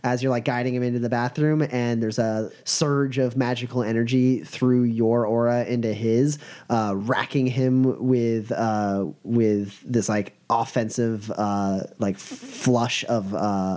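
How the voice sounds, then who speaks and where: A man's voice: mid-range voice, steady tone, takes it slowly, darkish tone. A man narrating as game master, in a loose, rambling way full of fillers. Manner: loose, full of uhs and likes.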